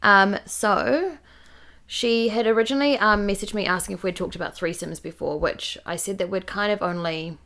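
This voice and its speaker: With a mid-range voice and a moderate pace, this podcast co-host is a young woman from New Zealand. She keeps the conversation easygoing and talkative while reading out questions sent in by listeners.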